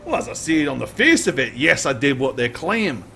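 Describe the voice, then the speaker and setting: A man's voice: medium pitch, very animated, moderate pace, gravelly, sharp tone, soft background music, heavily acted. A man voicing a bitter, defiant male prisoner warrior who blusters and threatens with an axe. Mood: evasive.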